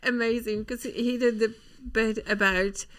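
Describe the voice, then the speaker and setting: Halting, chatty woman co-host. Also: a little high, fairly even intonation, fairly bright tone. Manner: chatty, halting, laughs easily. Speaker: podcast co-host. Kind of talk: casual family chat.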